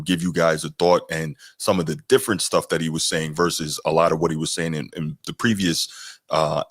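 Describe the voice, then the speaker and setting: A man's voice: deep voice, dry recording, clean studio sound. A male podcast host giving casual live reaction commentary, talking conversationally and reading chat comments aloud.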